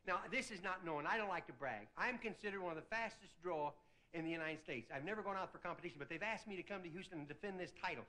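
A male comedian telling a rambling folksy stand-up monologue, slipping into quick character voices. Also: sits high. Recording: old TV recording, loud audience laughter. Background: live studio audience laughing.

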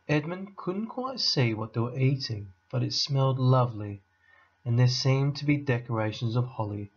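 A man, a teacher, reading a children's novel aloud to his class in a steady, unhurried way. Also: medium pitch, breathy edge, dull audio.

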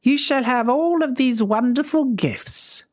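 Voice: high voice, measured pace, voice pushed up. Griselda, a spiteful old fairy crone. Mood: sly. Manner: cold, snarling, screeching. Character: spiteful old female fairy, bony and cold.

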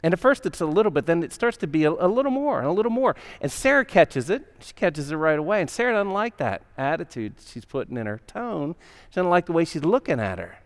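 A man's voice: a little high, sing-song, fast talker. A male pastor preaching a sermon in a conversational storytelling manner, acting out the characters' voices. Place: church sanctuary. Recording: long hall reverb.

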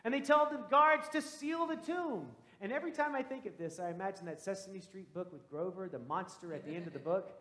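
A man who is a pastor, telling a story, growing hushed and then loud as the story turns. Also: sits high, expressive, fairly quick, few pauses. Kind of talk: storytelling sermon. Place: church sanctuary. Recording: echoey church room.

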